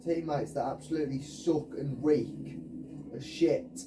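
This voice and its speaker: A man's voice: medium pitch, expressive, a little slow, noisy background. A man commentating his own video game match, swearing and ranting at his teammates. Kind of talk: frustrated gameplay commentary. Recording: voice distant from the mic.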